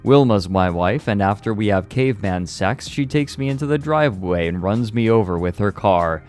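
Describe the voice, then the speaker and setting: A man voicing a goofy male caveman who rambles through absurd boasts in a hammy, deadpan way. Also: on the low side, moderate pace, faint music behind, close to an everyday voice. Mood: hammy, silly.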